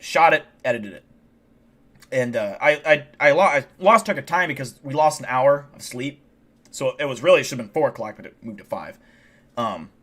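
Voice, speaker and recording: A man's voice: medium pitch, sharp tone. Tired, drunk man rambling on stream. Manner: rambling and profane, with frequent restarts. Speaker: livestream host. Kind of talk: casual rambling livestream chat.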